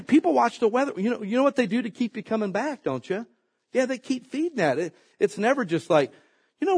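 A man preaching a sermon, his slightly husky voice ranging widely in pitch. He tells homey stories with jokes and acts out quoted voices along the way. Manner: folksy, joking, animated storytelling with acted quotes. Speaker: pastor.

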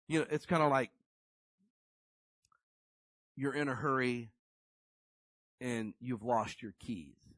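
A man preaching a conversational sermon, folksy and animated, acting out little scenes as he tells stories. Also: fairly high pitch, no echo. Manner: folksy, animated storytelling with acted-out quotes.

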